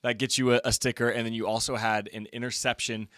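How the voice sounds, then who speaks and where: Middle-aged coach hyping up his players, bright punchy voice, close dry mic. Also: medium pitch, level tone, no room sound. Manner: enthusiastic, hyping players, quick asides. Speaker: football coach and co-host. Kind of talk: casual sports chat.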